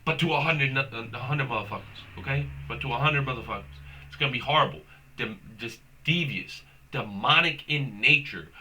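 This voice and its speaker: A young man with a medium-pitched, sharp voice hosts a comedic rant against slight background noise. He rambles, swears, uses slang, and says "bro" constantly.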